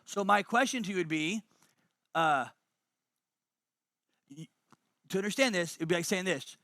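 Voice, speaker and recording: Emphatic high gravelly man presenting. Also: moderate pace, long pauses, pushed and bright, no room sound, studio quality. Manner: emphatic, repeats key lines, talks straight to chat. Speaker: webinar presenter. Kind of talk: motivational webinar talk.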